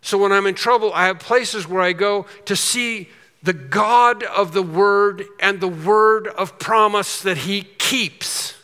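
A man preaching a sermon as pastor, emphatic, swinging from quiet asides to loud, drawn-out declarations. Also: high-pitched, in a large hall.

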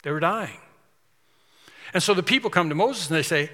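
Male preacher, slightly high, bright forceful voice, emphatic sermon delivery with long hall reverb. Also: expressive, normal speed, long pauses. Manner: emphatic, repetitive preaching with rising intensity.

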